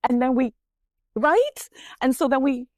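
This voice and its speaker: A woman guest, a spiritual coach, telling a personal story in a casual, earnest and expressive way. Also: high voice, measured pace, dry recording, studio quality. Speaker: spiritual coach and energy healer, podcast guest.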